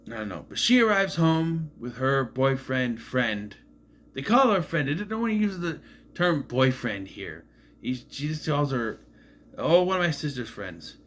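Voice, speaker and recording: A man's voice: mid-range voice, sing-song, a little slow, fairly bright tone. A man casually recapping a movie in a rambling, musing way, often admitting he is unsure. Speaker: movie reviewer.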